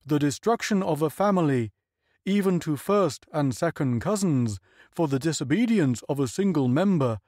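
An oily, unctuous state announcer, voiced by a man preaches obedience in a smooth, raised voice. It is recorded dry and close. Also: a little high, lively intonation, normal speed, darkish tone, no echo, natural voice.

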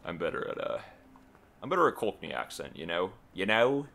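A man's voice: deep voice, huge pitch swings, brisk, gravelly, sharp tone. A man co-hosting a casual gaming commentary, laid-back, making dry remarks. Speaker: gameplay co-host.

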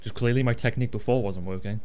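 A man commentating his own video game playthrough, easily frustrated, swearing often and breaking into excited outbursts. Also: medium pitch, quick pace, noisy background. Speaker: gaming channel host. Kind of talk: let's play commentary.

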